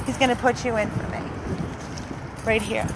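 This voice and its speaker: High-voiced woman filming a dog rescue. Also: steady tone, normal speed, background noise. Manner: coos to the dog in baby talk, then talks earnestly to viewers. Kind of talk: casual vlog, talking to camera and to a dog. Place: outdoors by a car, then inside the car.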